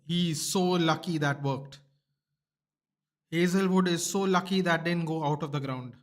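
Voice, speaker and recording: Excitable man reacting live to cricket. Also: on the high side, a little slow. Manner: excitable, shouts at big moments, slangy asides. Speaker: watchalong host.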